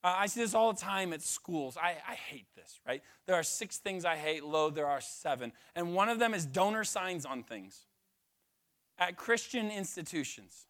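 A male pastor with a high voice delivers a sermon. He talks casually, checking in with "right?" and tossing in light jokes. He lets his points land one at a time. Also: expressive, moderate pace, a bit bright. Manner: conversational, tagging "right?", joking asides.

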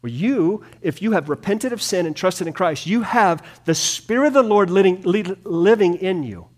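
A man preaching a sermon to a small congregation in a room, swinging between hushed and loud delivery. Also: sits high, animated, moderate pace. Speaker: pastor.

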